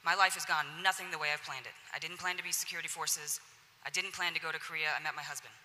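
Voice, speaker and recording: A woman's voice: low-pitched, fairly even intonation, fast, bright, forceful tone. A woman speaking frankly and directly on a panel at a symposium, in a conversational tone. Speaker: senior enlisted leader on a panel. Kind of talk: candid panel talk at a symposium. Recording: echoey hall.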